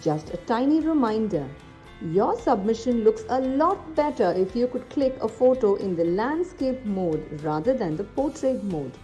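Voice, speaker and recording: A woman giving a clear, friendly, step-by-step voice-over on how to use an app. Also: a little high, sing-song, a little slow, warm tone. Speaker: app tutorial presenter. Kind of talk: instructional voice-over. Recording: faint music behind.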